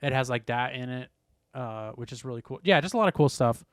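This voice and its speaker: Rambling young man, smooth dry voice. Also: medium pitch, expressive, a little fast, no room sound. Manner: rambling, heavy use of "like". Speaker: podcast co-host. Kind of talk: casual chat.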